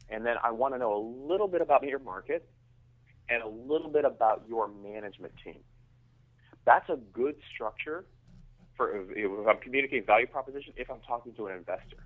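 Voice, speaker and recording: A man's voice: medium pitch, lively intonation, fairly quick. A man speaking as an interview guest. He talks emphatically and often repeats words as he starts a sentence. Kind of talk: conversational business interview. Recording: tinny phone line.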